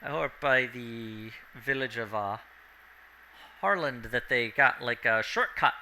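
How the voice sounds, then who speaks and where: A man's voice: medium pitch, slow pace, pushed and bright, a little hiss or hum, full character voice, poor audio. A man voicing a rustic male town watchman who farms in summer, talking in a folksy, plain-spoken way.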